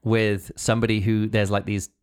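A man's voice: on the low side, little pitch movement, normal speed, smooth. A man hosting a book review podcast, chatting casually with lots of fillers and restarts. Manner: rambling, full of fillers and restarts. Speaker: podcast host.

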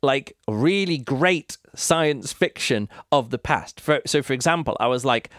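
Clear-voiced man rambling through a review. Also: mid-range voice, lively intonation, measured pace, few pauses, a bit bright, dry recording, studio quality. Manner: rambling, thinking aloud with many fillers. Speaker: podcast host reviewing books. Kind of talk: casual spoken book review.

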